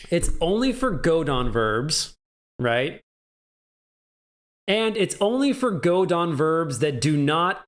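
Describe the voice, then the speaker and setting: Casting: male tutor, fairly high voice, slow and relaxed, chatty with a joking tone. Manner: chatty, laughs at own jokes, asks "right?" often. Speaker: language teacher. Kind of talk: casual video lesson.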